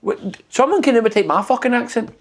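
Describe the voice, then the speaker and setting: Swearing, mid-pitched storytelling man. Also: expressive, fast talker. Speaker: podcast co-host. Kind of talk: casual comedic storytelling.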